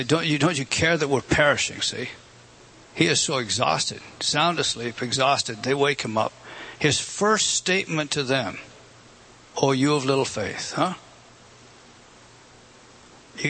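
A man's voice: fairly high pitch, pushed and bright, a little hiss or hum. A man preaching a sermon in an earnest, emphatic way, often repeating words and addressing the congregation directly. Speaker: pastor.

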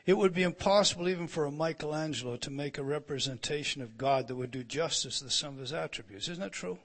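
A man delivers a sermon in a slightly high voice and talks fast, restarting his phrases and putting questions to the congregation before building to loud, emphatic proclamation.

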